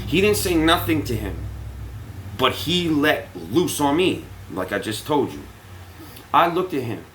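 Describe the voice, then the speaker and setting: A man's voice: a little high, slight background noise, poor audio. A man telling a story casually to his viewers, cursing freely and acting out what people said. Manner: animated, profane, acts out quotes. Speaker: vlogger.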